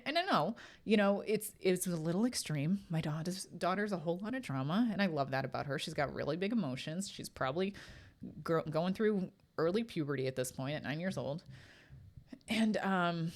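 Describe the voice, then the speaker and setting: A woman in her thirties hosting her own podcast, telling a personal story in a candid, chatty way with fillers and swearing. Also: lowish voice. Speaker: podcast host and medium. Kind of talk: casual spoken podcast monologue.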